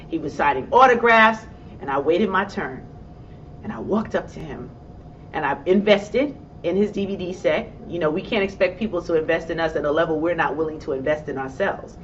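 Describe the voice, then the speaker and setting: A woman with a New York accent tells a motivational story from a stage and acts out her own excited reactions. She sounds set back from the microphone, and the recording is dull and muffled. A faint rumble hums underneath her voice. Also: normal speed, far from the mic. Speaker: motivational speaker.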